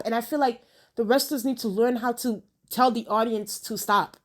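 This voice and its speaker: A woman giving a casual, animated opinion rant straight to her viewers, repeating words for emphasis and talking to them directly. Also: a little high, moderate pace. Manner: conversational, addresses viewers directly. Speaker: wrestling commentary vlogger.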